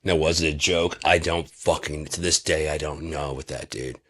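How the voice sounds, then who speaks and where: A man's voice: rumbling low, fairly even intonation, normal speed, fairly bright tone. A man from Michigan talking in a loose, profane, rambling monologue, often breaking into laughter. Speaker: vlogger.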